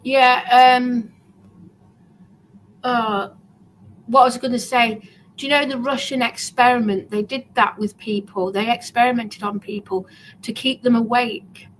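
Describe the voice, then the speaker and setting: A woman's voice: fairly high pitch, fairly even intonation, a little slow, long pauses, slight background noise, rough recording. A woman hosting a live stream, insistently telling a story and pushing to finish her point. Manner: insistent, talks over others to make her point. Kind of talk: casual chat.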